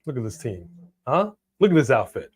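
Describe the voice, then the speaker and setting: Male co-host, casual live commentary, excitable, prone to loud outbursts. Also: mid-range voice, brisk, breathy edge. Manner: excitable, bursts of loud exclamations. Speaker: co-host of a wrestling watch-along.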